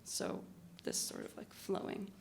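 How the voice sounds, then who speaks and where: A woman on a conference panel, speaking as a literary translator and reading a prepared academic talk in a measured, articulate way with occasional fillers. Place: university conference room.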